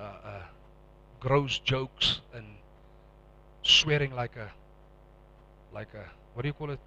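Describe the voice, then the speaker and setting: Intense preacher, bright voice. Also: male voice, mid-range voice, lo-fi sound. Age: middle-aged. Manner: emotional, swings from hushed to loud and intense. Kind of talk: personal testimony sermon.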